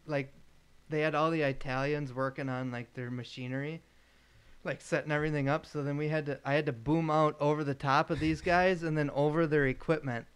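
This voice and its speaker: A young man co-hosting a podcast, retelling a work story in an animated, rushed, casual way full of filler words. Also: on the high side, clean tone. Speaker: podcast co-host.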